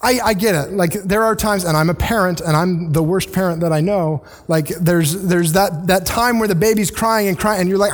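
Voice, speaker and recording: With a high voice at normal speed and few pauses, a man preaches a conversational sermon in a church sanctuary. He tends to restart his sentences, and he dramatizes the voices of people he quotes.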